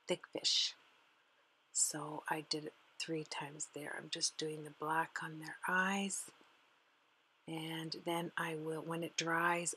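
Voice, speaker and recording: A woman talks through a card-making demonstration in a casual, chatty way as she works. Her voice sits low and stays fairly even in pitch. A faint hum runs under the recording. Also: rough recording. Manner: chatty, fond of her materials, talks while working. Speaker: card-making tutorial host. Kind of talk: casual craft demonstration narration.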